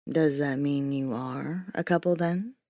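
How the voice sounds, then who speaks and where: Casting: woman as a composed, rule-bound man, measured with a quiet bite, dry sound. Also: low-pitched, dry recording, voice pushed down. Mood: cool. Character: calm, stern male rule-follower with a cool bite.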